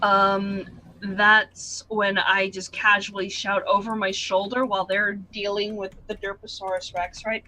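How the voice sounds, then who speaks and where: A woman's voice: mid-range voice, flat delivery, unhurried, bright, forceful tone, poor audio. A woman playing a tabletop game, throwing in joking asides. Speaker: player.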